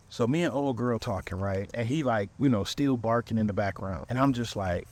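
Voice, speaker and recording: Man, podcast host, comic storytelling, slangy, animated, medium pitch. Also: normal speed, few pauses, slight background noise. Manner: animated, slangy, quotes people with voices. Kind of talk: comedic storytelling.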